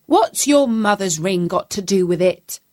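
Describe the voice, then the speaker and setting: A woman's voice: medium pitch, animated, a little slow, a little mellow, close to an everyday voice. A woman voicing a poor husband who answers in a dismissive, doubting way.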